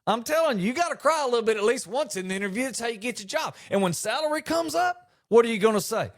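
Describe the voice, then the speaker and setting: A middle-aged man hosting a comedy podcast, delivering an animated monologue and acting out quotes with mock disbelief. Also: very high voice, fast talker.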